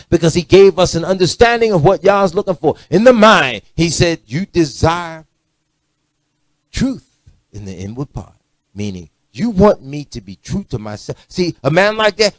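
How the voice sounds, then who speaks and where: A man preaching a sermon, animated and blunt, swinging from low murmurs to loud rebukes. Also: no room sound. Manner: blunt, confrontational street-style preaching.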